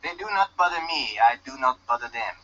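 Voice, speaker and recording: A curt island loner, put-on Jamaican lilt. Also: male voice, medium pitch, expressive, a little fast, pushed and bright. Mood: gruff. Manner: stiff and curt, no contractions. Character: guarded loner fisherman marooned on an island. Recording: dull lo-fi game audio.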